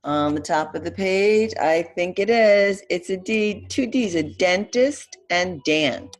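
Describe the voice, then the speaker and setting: A middle-aged woman hosting a story hour for young children, animated, asking questions and sounding out letters. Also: lowish voice, slow. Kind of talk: read-aloud for young children.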